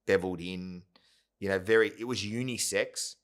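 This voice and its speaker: Guest spot: man, low voice, rambling storyteller, keeps checking in with the listener. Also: normal speed. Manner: rambling, full of "yeah?" and "right?" tags. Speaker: podcast guest, company founder. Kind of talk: casual storytelling interview.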